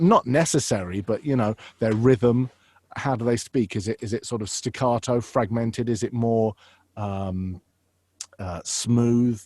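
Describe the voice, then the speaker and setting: A man's voice: mid-range voice, no room sound, studio quality. A man who works as a voice actor and impressionist, chatting animatedly in an interview and slipping into voices. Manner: animated, drops into voices mid-sentence; many fillers and restarts. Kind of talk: casual interview.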